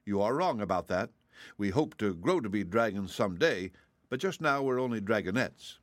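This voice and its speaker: A rasping, haughty young dragonette who drawls with formal politeness while admitting it would gladly eat you, as a man reads it in a storybook. The voice sits somewhat higher than his own low tone. It is recorded dry and close. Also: animated, moderate pace, dry recording, natural voice. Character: young dragonette, sixty-six, proud and polite, hungry. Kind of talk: audiobook reading.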